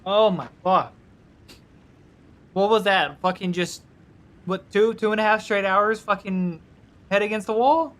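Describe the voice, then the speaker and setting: Excitable swearing gamer guy. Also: high voice, unhurried, pauses often. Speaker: game streamer. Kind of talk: casual gameplay commentary.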